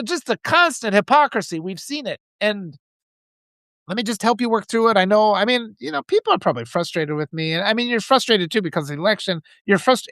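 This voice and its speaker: A man's voice: sits high, a bit bright, no room sound. A man hosting a live stream, giving impassioned political commentary and reading out viewer comments, with frequent restarts.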